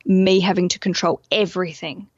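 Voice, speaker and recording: An Australian woman talking casually as a podcast guest, lively and self-deprecating, full of restarts and asides. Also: on the low side, moderate pace, husky, no room sound, muffled recording. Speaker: podcast guest, wedding business owner.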